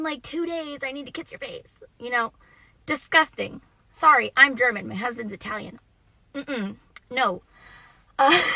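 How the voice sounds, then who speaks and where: A woman's voice: fairly high pitch, bright, forceful tone, no room sound, low-quality recording. A woman giving blunt, rambling opinions in casual chat, with lots of fillers.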